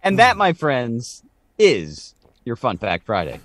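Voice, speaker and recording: A man's voice: mid-range voice, wildly swooping pitch, takes it slowly, fairly bright tone, no room sound. A man co-hosting a podcast, chatting casually and joking as he explains things. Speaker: podcast co-host.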